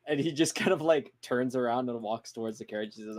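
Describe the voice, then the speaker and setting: A man's voice: medium pitch, fairly quick. A man describing his character's actions in a tabletop game, loose and hesitant with many fillers. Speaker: player.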